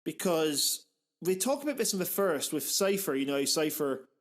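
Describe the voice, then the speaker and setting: A man with a fairly high voice talks films on a podcast, rambling from one thought to the next. He gets animated and swears casually, and he fills the gaps with quick restarts. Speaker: podcast host. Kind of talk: casual film discussion.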